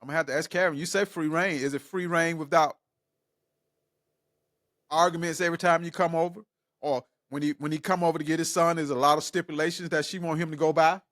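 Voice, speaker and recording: A man's voice: a little high, fairly even intonation, fast talker, fairly bright tone. A middle-aged man co-hosting a casual podcast, arguing his point emphatically and repeating it. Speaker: co-host, father figure.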